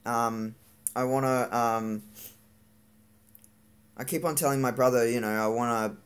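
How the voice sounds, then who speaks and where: In a live-streamed rant, a frustrated vlogger vents and swears, halting with lots of fillers and restarts. The voice is medium-pitched, smooth and fairly even in intonation.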